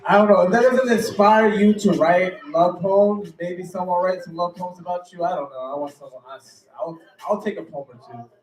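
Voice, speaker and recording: A man hosting a poetry open mic in a cafe, chatty and loose, giving slangy shout-outs to the crowd. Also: high-pitched, normal speed, few pauses. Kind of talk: casual event hosting. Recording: echoey room, mic far off.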